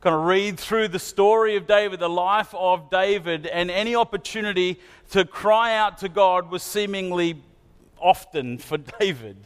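A man with a fairly high voice preaches a sermon, earnest and searching, turning questions back on his listeners. His words ring out with a long reverb, as in a church hall. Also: normal speed, clear, resonant tone.

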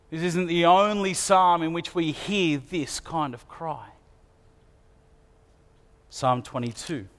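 A man with a fairly high voice preaches a sermon, earnest and searching, turning questions back on his listeners. His words ring out with a long reverb, as in a church hall.

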